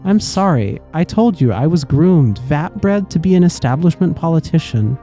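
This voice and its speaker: A man's voice: fairly high pitch, expressive, normal speed, mellow, soft background music. A man voicing an earnest young woman politician, reading game dialogue in an apologetic, pleading way. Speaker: let's play host voicing game characters.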